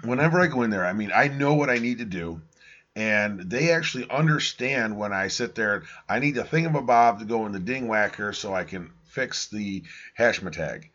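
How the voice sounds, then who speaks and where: A man's voice: lowish voice, expressive, normal speed, a bit bright, dull audio. A man co-hosting a casual podcast chat, making wry jokes and laughing often. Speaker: podcast co-host.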